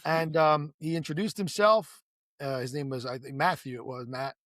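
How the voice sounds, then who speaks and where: A man's voice: on the high side, moderate pace, a crowd in the background. A man, the guest in a casual conversation, telling long stories with many restarts and asides, acting out the voices of people he quotes. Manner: animated storyteller who acts out quoted dialogue.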